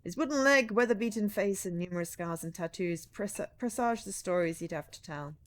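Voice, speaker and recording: A woman, streaming and reading a narrative game aloud, chatty and animated with joking asides. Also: medium pitch, brisk.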